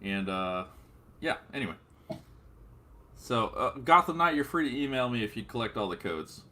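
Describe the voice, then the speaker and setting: A man's voice: medium pitch, lively intonation, moderate pace, sharp tone. A man hosting a podcast in loose casual chat, rambling with lots of fillers. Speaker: podcast host.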